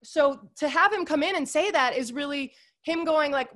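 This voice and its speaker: Upbeat gushing woman, slightly high voice. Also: moderate pace, fairly bright tone. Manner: gushing, upbeat, heavy use of "like" and "you guys". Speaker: podcast guest. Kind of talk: casual interview chat.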